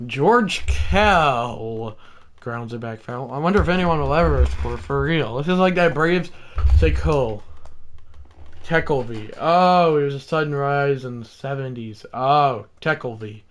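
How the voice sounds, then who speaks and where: A man doing play-by-play for a baseball video game, chatting and correcting himself between plays and shouting on big hits. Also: medium pitch, lively intonation, a little slow. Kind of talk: play-by-play commentary with rambling asides.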